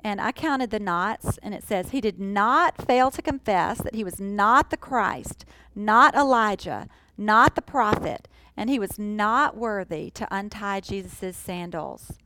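A woman teaching a sermon in an earnest, emphatic way, slowing down to stress key phrases. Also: medium pitch, expressive, a bit bright, slight background noise, rough recording. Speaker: Bible teacher.

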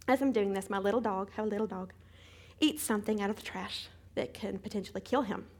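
A middle-aged woman teaching a Bible study, retelling a hectic day as an animated testimony with sound effects. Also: medium pitch, fast, slightly rough.

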